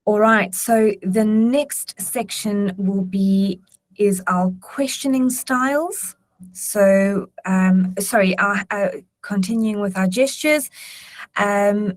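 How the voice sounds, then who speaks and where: Measured woman giving webinar advice. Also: mid-range voice, poor audio. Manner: measured, explanatory, with frequent ums. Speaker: patient actor on a webinar panel.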